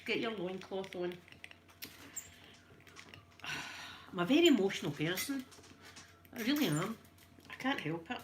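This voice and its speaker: A woman's voice: mid-range voice, animated, unhurried, long pauses. A Scottish woman hosting a chatty live stream while ironing, emotional and tearful, greeting her viewers by name.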